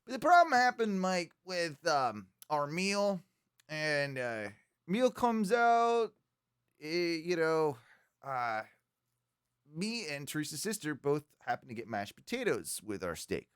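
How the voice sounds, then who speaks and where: A man's voice: a little high, sing-song, takes it slowly, clear, resonant tone, no echo, studio quality. A man co-hosting a podcast, telling stories casually and animatedly, with lots of fillers and restarts. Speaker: podcast co-host.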